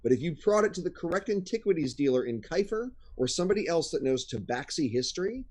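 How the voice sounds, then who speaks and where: A man's voice: on the high side, sing-song, quick pace, darkish tone. A man narrating as game master of a tabletop game, casual with many fillers.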